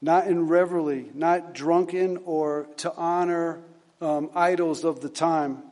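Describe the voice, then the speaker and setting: A man preaching a sermon, retelling a story and reading scripture in a halting way, with many repeated words and fillers. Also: a little high, fairly even intonation, darkish tone, in a large hall.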